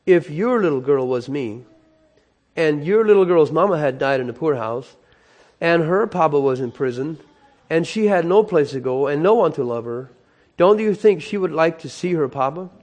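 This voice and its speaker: A man's voice: a little high, animated, moderate pace, darkish tone. A man doing a pleading little girl. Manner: pleading, tearful, raised voice.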